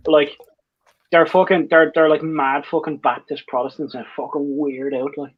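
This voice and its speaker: A man's voice: a little high, little pitch movement, normal speed, dry recording. A man, rambling and swearing in casual chat with friends on a call. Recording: muffled lo-fi audio.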